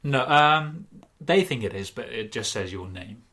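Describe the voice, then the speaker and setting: A man co-hosting an improvised comedy podcast, running the scenario in a dry, deadpan way. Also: mid-range voice, measured pace. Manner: deadpan, dry, setting up absurd twists.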